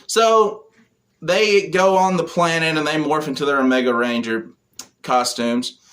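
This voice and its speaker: A man's voice: a little high, steady tone, measured pace, fairly bright tone. A man giving a casual spoken comic book review, retelling the plot in a rambling way with lots of fillers.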